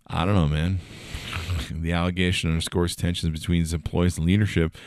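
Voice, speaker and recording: A man's voice: low-pitched, moderate pace, darkish tone. A man hosting a podcast, giving solo tech news commentary in a sarcastic, profane rant and laughing often. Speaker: podcast host.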